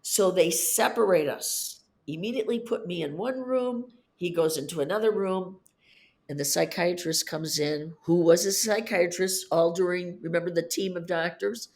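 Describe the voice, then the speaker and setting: A woman in her fifties telling the story of her divorce on a podcast, animated, her voice climbing high when she is upset. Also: moderate pace. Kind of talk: emotional personal storytelling.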